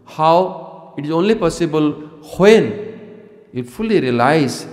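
A man's voice: a little high, expressive, measured pace, a little mellow. A man giving a devotional lecture, asking rhetorical questions and chanting verses. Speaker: spiritual teacher. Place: ashram hall. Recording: echoey hall reverb.

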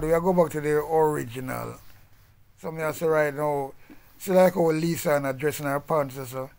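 A man's voice: fairly high pitch, moderate pace, creaky, darkish tone. A man with a Jamaican accent delivering a blunt, profane ranting monologue in patois. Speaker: vlogger.

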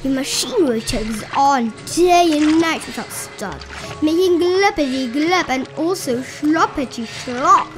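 A woman voicing a small, fussy old male forest creature who scolds and pleads in a high voice. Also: expressive, a little slow, music in the background. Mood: scolding.

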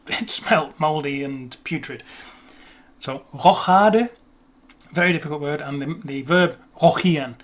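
A young man with a somewhat high voice talks through pronunciation in a relaxed, self-mocking way. He slows down to carefully sound out the tricky words before chatting on. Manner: chatty, self-deprecating, demonstrates words slowly. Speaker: language video host. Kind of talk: casual explanatory talk on pronunciation.

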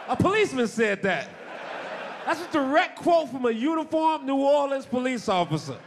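Deadpan man doing stand-up. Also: extremely high pitch, moderate pace, gravelly. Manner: dry, deadpan storytelling with sudden shouted punchlines. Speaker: stand-up comedian. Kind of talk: stand-up comedy routine. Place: comedy club stage. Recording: noisy live comedy club.

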